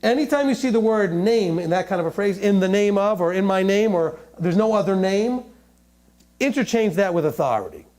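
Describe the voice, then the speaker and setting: A man giving a sermon, reading scripture slowly and breaking into jokes and mock voices. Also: sits high. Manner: animated, joking, reads scripture aloud slowly. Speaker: teacher.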